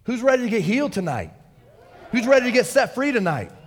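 High-pitched pastor guy preaching all fired up, echoey church hall. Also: fast, breathy edge. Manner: excitable, fervent preaching. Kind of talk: sermon.

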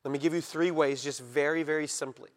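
A male pastor preaching a sermon, speaking straight to his listeners, pressing points with emphasis and slowing down to drop into a hush on key words. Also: on the high side, steady tone. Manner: addresses listeners directly. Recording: reverberant hall.

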